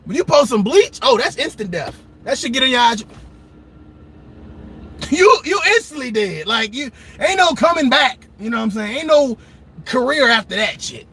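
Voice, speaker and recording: A man doing a loud, profane comedic rant, laughing often and slipping into mock voices. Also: very high-pitched, big pitch swings, normal speed, breathy edge. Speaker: comedic commentator.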